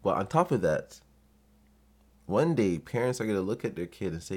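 A young adult man hosting a podcast, telling comic stories in a profane, animated way and acting out the people he quotes. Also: fairly low pitch, moderate pace. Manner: profane, animated, acts out quoted voices with laughs. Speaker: podcast host. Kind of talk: comedic storytelling monologue.

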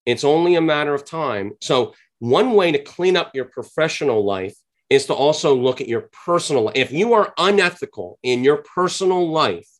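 A man's voice: on the high side, expressive. A man speaking as a podcast guest and sales trainer, explaining his views in an earnest, conversational way and drawing out the words he wants to stress. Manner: earnest, explanatory, drawn-out emphasis on key points. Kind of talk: conversational interview answer.

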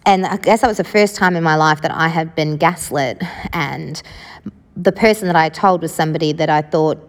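A woman's voice: low voice, normal speed, in a large hall. A woman telling her own life story in a frank, casual way, swearing freely and often saying "like". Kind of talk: candid personal storytelling.

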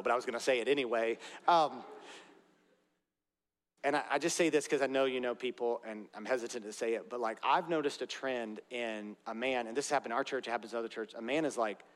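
A man in his pulpit delivers a sermon in an earnest, direct way, breaking into casual asides to the people in the room. His voice sits at an ordinary middle pitch. Long reverb trails each phrase through the church sanctuary. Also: brisk. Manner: earnest preaching with conversational asides. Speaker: pastor. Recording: long reverb of a large hall.

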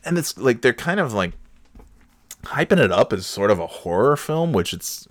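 A man's voice: medium pitch, big pitch swings, normal speed, dry recording. A man chatting casually about a movie, rambling and profane, mocking himself as he goes.

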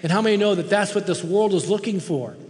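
A high-pitched man delivers an impassioned sermon from a church platform. He presses his points hard and repeats words for stress. His voice rings out with the long reverb of a large hall. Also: quick pace, a little mellow. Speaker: guest preacher. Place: church sanctuary.

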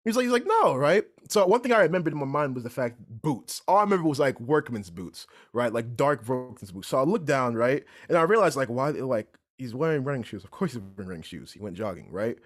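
A young man telling a story in casual chat, animated and repeatedly asking "right?". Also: medium pitch, a little fast, hardly any pauses. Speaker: podcast guest storyteller.

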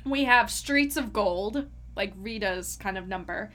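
A woman's voice: mid-range voice, unhurried, fairly bright tone. A woman co-hosting a casual podcast chat, giggly and gushing as she quotes lines. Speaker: podcast co-host.

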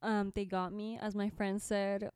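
Chatty young woman, smooth clear voice. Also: medium pitch, level tone, a little slow, a little mellow, dry recording. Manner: chatty, laughing, lots of fillers. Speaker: podcast host and musician. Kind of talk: casual storytelling to camera. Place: small orange bedroom by a window.

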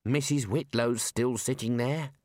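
A man voicing a timid male wizard who talks nervously and slowly. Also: medium pitch, steady tone, a little mellow, no room sound, clean studio sound, close to an everyday voice. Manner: nervous, slow.

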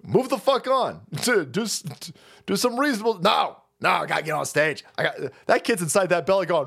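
A man hosting a stream, ranting about politics in a loud, foul-mouthed, mocking way, jumping between shouts and low mutters. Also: very animated, a little slow, creaky. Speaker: host of a political rant stream. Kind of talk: profane political rant.

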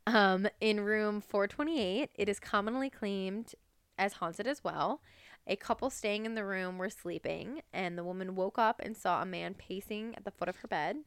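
A woman's voice: mid-range voice, normal speed, clear, resonant tone, no room sound. A young woman co-hosting a podcast, chatting casually through ghost stories with lots of "like" fillers. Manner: chatty, many "like" fillers, breaks into laughter. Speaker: podcast co-host. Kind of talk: casual true-crime and ghost story chat.

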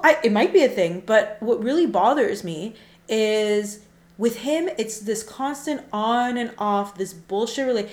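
A woman's voice: a little high, echoey room. A woman co-hosting a casual chat show, telling a dating story and acting out the texts she got. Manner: animated, acts out quoted texts. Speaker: podcast co-host.

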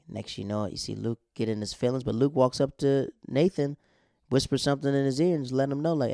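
A man's voice: medium pitch, fast, gravelly, dark tone, no room sound, studio quality. A man casually recapping a TV episode in a slangy, laid-back storytelling way.

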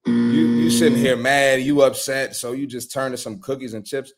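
A man's voice: medium pitch, little pitch movement, normal speed, soft background music. A man, a personal trainer, hosting a live reaction stream with blunt, profane, slangy commentary.

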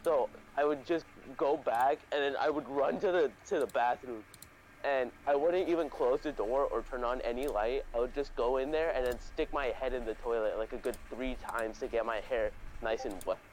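A man's voice: mid-range voice, moderate pace, darkish tone, a little hiss or hum, low-quality recording. A young man hosting a casual chat, telling a story in a rambling, profane way with lots of fillers and restarts. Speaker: podcast host.

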